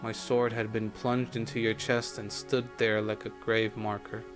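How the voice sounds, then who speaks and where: A man streaming a game, reading its story text aloud in a measured, grave way that sometimes drops to a hush. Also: fairly low pitch, little pitch movement. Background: faint game music.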